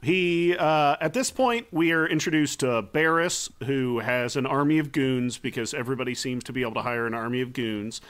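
Co-host recapping the plot, smooth and resonant voice, halting delivery. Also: male voice, medium pitch, a bit bright. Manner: halting, with frequent fillers.

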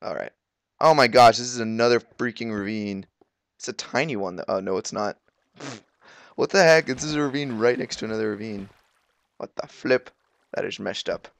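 A teenage boy giving casual, excitable commentary while playing a video game, grumbling and exclaiming at what happens. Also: lowish voice, normal speed, gravelly, no room sound. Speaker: gaming video creator.

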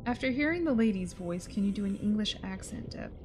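A woman's voice: medium pitch, animated, brisk, a little mellow, a little hiss or hum. A woman co-hosting a game stream, playfully chiming in with short prompts and comments. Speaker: co-host watching and spotting. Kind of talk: casual let's-play chat.

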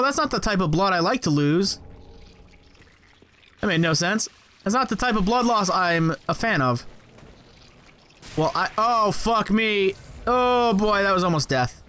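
High-voiced, swearing man playing a game. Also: sharp tone. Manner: profane, jokey, talks to game enemies. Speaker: gameplay commentator. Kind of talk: let's play commentary.

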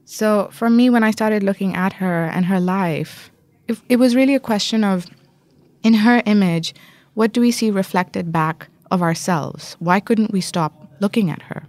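A woman journalist and author answering interview questions, telling a story fluently and with lively emphasis. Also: mid-range voice, normal speed, no echo.

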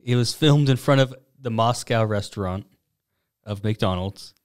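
A man co-hosting a comedy podcast, relaxed, telling the story with filler words and chuckles. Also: fairly low pitch, unhurried, clean tone. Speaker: podcast co-host bringing the news story. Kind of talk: casual comedic chat.

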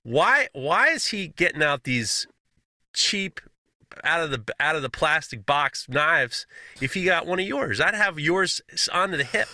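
A man co-hosting a casual podcast chat, telling stories in an animated, profane, mocking way. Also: fairly high pitch, measured pace, no echo, clean studio sound. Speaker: podcast co-host, knife maker.

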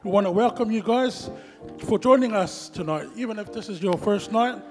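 A man's voice: high voice, moderate pace. A man co-hosting a church service, giving easygoing, chatty welcomes to visitors, pastors and the congregation. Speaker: church program co-host. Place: church hall. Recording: hall reverb with guitar behind.

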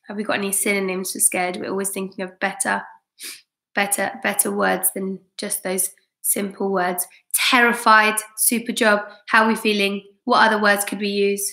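A woman's voice: medium pitch, flat delivery, normal speed, sharp tone. A woman teacher reading a chapter book aloud to her students and encouraging them with praise. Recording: roomy echo.

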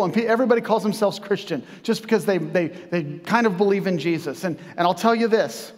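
A man's voice: high voice, a little fast, hardly any pauses. A man preaching a sermon as pastor, talking conversationally with joking asides. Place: church sanctuary. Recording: long reverb from a church hall.

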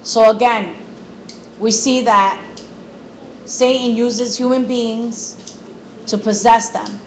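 A woman's voice: fairly high pitch, steady tone, takes it slowly, a little hiss or hum, low-quality recording. A woman leading a Bible study, reading scripture aloud and commenting, repeating words for emphasis, recorded on a phone. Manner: repetitive emphasis.

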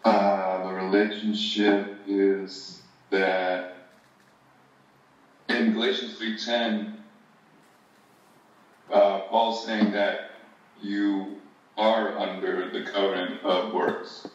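A low-voiced man answering questions in a Bible study, slow and flat, hesitating with "uh"s. He is heard from far off in a very echoey room, and the sound is dull. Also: soft background music. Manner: hesitant, with fillers. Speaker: class member.

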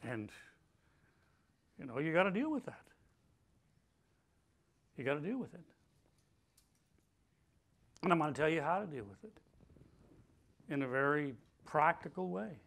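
Male pastor with a high voice, preaching with call-and-response and building to loud, emphatic lines. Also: sing-song, a little slow, vocal fry, long pauses. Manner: call-and-response preaching, leading the congregation in repeated phrases; rising to loud, emphatic declarations. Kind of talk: sermon. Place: church hall.

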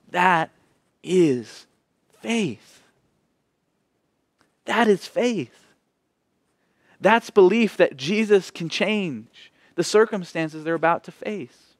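A man preaching a sermon as pastor, expressive, moving between emphatic lines and hushed ones. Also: high-pitched, very slow, pauses often, no room sound, clean studio sound.

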